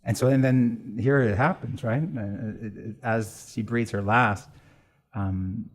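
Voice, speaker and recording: Male priest guest, middle-aged, low husky voice, halting heartfelt storytelling. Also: fairly even intonation. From Canada. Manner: emotional, halting storytelling with laughter. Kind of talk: personal storytelling interview.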